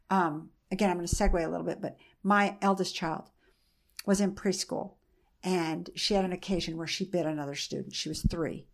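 Woman, forties, low voice, earnest, repeats and restarts, interview guest. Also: vocal fry. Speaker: mother being interviewed. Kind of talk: emotional conversational storytelling.

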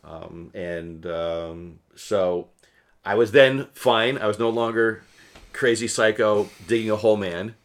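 Rambling, emotional New man, low voice. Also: slow pace. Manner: rambling, emotional, laughs often, many restarts. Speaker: podcast co-host. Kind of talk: casual storytelling chat.

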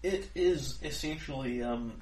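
A man's voice: medium pitch, measured pace, darkish tone. A man running a tabletop game as game master, joking with players and explaining rules at length. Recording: roomy distant recording, faint hiss.

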